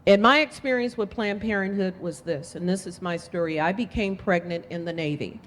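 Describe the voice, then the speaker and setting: A woman's voice: on the low side, a little fast. Impassioned woman speaking in an echoing hall. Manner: impassioned, emphatic storytelling. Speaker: political candidate. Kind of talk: campaign speech. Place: event hall. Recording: long hall reverb.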